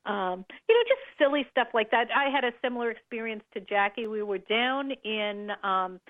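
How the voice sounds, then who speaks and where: A woman's voice: on the high side, animated, moderate pace. A woman guest telling travel stories on a talk radio show, rambling with many restarts and fillers. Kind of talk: casual radio chat. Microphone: phone line. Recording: tinny phone line.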